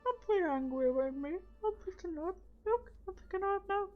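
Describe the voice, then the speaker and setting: A woman's voice: very high voice, animated, moderate pace, voice pushed up. A woman voicing a small, servile male goblin who pleads and apologizes, with dull audio and game music behind her. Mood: cowering.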